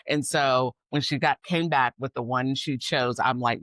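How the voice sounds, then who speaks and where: A woman hosting a podcast who gushes warmly and calls out to her listeners as "y'all" and "squad", sounding excited and emotional. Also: extremely low pitch, a little slow, no room sound. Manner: effusive and gushing, talks straight to listeners as "y'all" and "squad". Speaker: podcast host and coach. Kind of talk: upbeat podcast chat.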